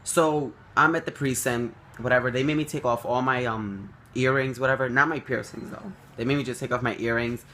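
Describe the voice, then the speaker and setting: A young man telling a story to the camera, animated and swearing freely, acting out quotes. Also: a little fast, few pauses, slight background noise. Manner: animated, swears freely, acts out quotes with big jumps up in pitch. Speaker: vlogger.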